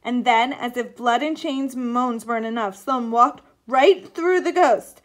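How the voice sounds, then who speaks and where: A woman narrating a children's mystery storybook in an expressive, lively read-aloud manner. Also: fairly high pitch, measured pace. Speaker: author and reader.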